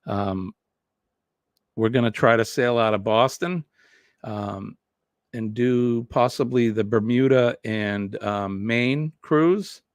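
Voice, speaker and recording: A man hosts a relaxed morning live stream. He rambles easily from one thing to the next and reads viewer comments aloud, in an even middle voice. The sound is dry and close, with little room echo. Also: medium pitch, takes it slowly. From New England. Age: 50s. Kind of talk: casual morning live chat.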